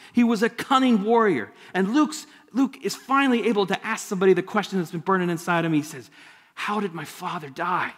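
A man's voice: sits high, fairly bright tone. A male pastor giving a sermon in a church sanctuary, talking conversationally with joking asides. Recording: long hall reverb.

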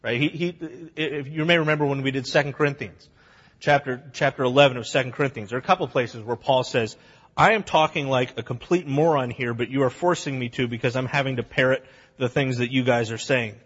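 Husky-voiced preacher in a big hall. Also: male voice, medium pitch, highs cut off. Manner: animated, acts out both sides of arguments in quick voices; blunt, plain-spoken. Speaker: pastor. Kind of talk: sermon. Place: church sanctuary.

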